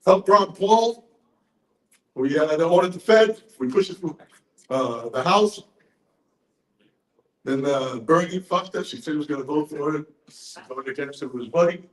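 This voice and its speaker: A man in his sixties giving a rambling, profane, excitable speech to a crowd, a little drunk. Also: a little high, moderate pace, pauses often, echoey room, rough recording. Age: 60s. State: tipsy. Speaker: conference speaker.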